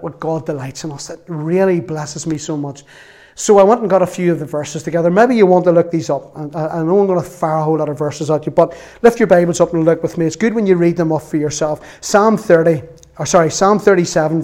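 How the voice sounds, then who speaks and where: A man delivers an earnest sermon. He reads scripture aloud with feeling and slips in self-mocking humor. His speaking voice sits a little higher than most men's. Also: brisk, darkish tone. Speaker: preacher.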